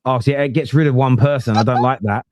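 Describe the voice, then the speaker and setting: A man's voice: mid-range voice, fairly even intonation, fast, darkish tone, a little hiss or hum. Bantering forty-year-old man. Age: 40s. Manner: laid-back, bantering, laughs easily. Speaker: podcast host. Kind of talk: casual football chat.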